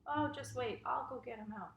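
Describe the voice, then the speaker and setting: Woman doing a kind mooing cow, soothing, slightly high, roomy echo. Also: normal speed, creaky, far from the mic, background noise. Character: kind helpful female cow.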